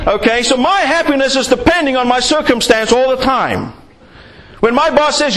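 Preacher guy giving a sermon, swoops up and down a lot, high-ish voice. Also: normal speed. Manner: animated preaching, acts out little scenes. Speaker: pastor.

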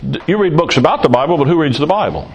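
A man's voice: fairly high pitch, expressive, quick pace, low-quality recording. A man preaching a sermon in a blunt, folksy way, teasing his listeners and firing off rhetorical questions.

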